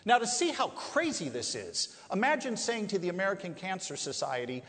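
A man's voice: sits high, huge pitch swings, fairly bright tone. Emphatic male preacher in an echoey hall. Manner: emphatic, rhetorical questions, drawn-out key words. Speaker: pro-life speaker. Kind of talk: preaching to a live audience. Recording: echoey hall, long reverb.

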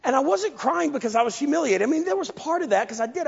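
A man preaching a sermon, telling a story in a lively, self-mocking way. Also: very high-pitched, quick pace, gravelly. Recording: lo-fi, echoey hall.

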